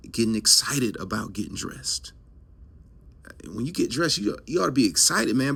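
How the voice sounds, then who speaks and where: A man's voice: fairly low pitch, vocal fry, fairly bright tone. A man hosting a health show, giving an emphatic, preachy motivational talk full of rhetorical questions and repetition. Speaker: health coach host. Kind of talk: motivational monologue to camera.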